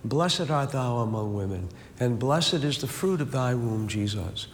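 Male prayer leader, measured rosary recitation, reverberant room, light background noise. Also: medium pitch. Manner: steady rhythmic recitation, falling on each amen; slow reflective speaking in the meditation. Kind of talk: leading a recited rosary with a meditation. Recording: long reverb, faint background hiss.

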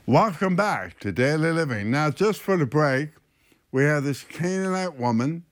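A man, a priest hosting a radio show, teaching on scripture in an animated storytelling way and thinking aloud as he goes. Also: fairly high pitch, moderate pace, faint music behind.

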